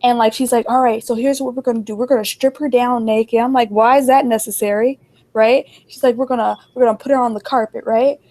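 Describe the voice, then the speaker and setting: A young woman co-hosting a casual chat, telling a wild story and acting out the people in it with her voice jumping up high. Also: fairly quick. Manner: animated, acts out quotes in a raised voice. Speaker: podcast co-host.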